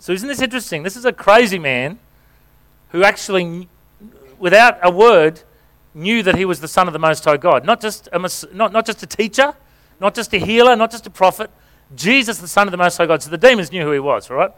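Pausing often, this pastor speaks at a normal speed in a high, expressive, slightly bright voice. Before his congregation, he gives a playful sermon, joking as he reads scripture aloud and directs volunteers acting it out on stage.

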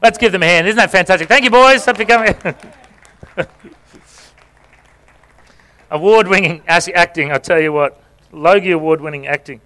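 His voice sits high and sharp, at normal speed with frequent pauses. The man is a pastor on a church stage, reading scripture aloud while playfully coaching volunteers through acting it out, joking his way through the sermon in front of the congregation.

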